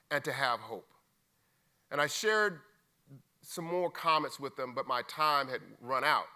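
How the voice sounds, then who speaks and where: A man's voice: a little high, pushed and bright. A middle-aged man giving a keynote talk, telling a personal story informally and acting out the dialogue. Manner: informal, acts out dialogue, calls people "man" and "brother". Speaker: keynote speaker. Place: conference stage.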